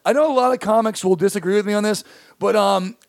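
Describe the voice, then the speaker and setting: A man, a comedian, telling rambling, profane stories in casual chat with friends. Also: sits high. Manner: rambling storyteller, quick to laugh and curse. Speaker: comedian podcast co-host.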